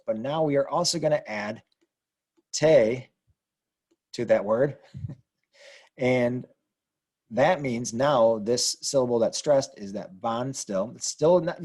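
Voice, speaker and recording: A man's voice: mid-range voice, normal speed, a little mellow. A man teaching a language lesson, explaining rules patiently and spelling words out letter by letter. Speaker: Spanish teacher. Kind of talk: explaining grammar on a whiteboard.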